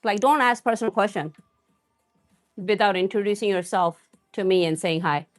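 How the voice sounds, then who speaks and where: A woman's voice: medium pitch, moderate pace, soft background music. A woman hosting a live cooking stream, chatting and rambling as she talks straight to her viewers. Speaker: cooking livestream host.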